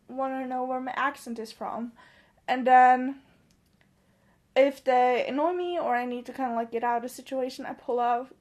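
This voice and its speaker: A woman's voice: sits high, a little mellow. A young woman from Norway, speaking English as a second language with an accent that mixes American and British, rambling and joking at herself while tipsy late at night. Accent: Norwegian-tinged mix of American and British English. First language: Norwegian. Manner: rambling and self-mocking, trailing off and restarting. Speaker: vlogger.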